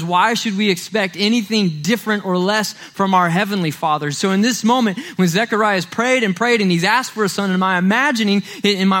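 A man preaching a sermon in a conversational, animated way, walking as he speaks. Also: high-pitched.

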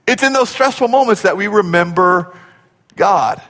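A man preaching a sermon in a church, telling stories in an animated way and acting out the voices in them. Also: sits high, normal speed. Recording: long hall reverb.

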